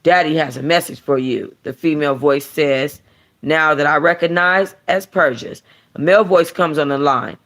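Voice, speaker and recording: Woman, book club host, reading aloud, animated, slangy, casual. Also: low-pitched, normal speed. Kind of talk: reading a novel aloud, then casual chat.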